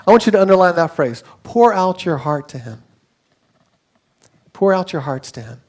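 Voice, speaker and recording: This young adult pastor delivers his sermon in a conversational style, acting out quotes as he tells stories. His voice is high, with lively intonation at a normal speed.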